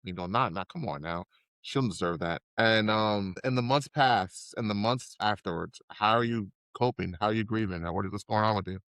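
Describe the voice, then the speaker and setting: A man's voice: on the low side, brisk, fairly bright tone, no room sound. A young adult man co-hosting a podcast, speaking in a heartfelt way and swearing casually in conversation. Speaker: podcast co-host. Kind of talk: casual chat.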